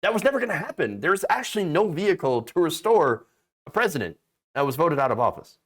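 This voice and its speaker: A man's voice: on the high side, big pitch swings, fast talker, a bit bright. A man hosting casual political commentary, sarcastic and mocking, often restarting and stammering mid-sentence.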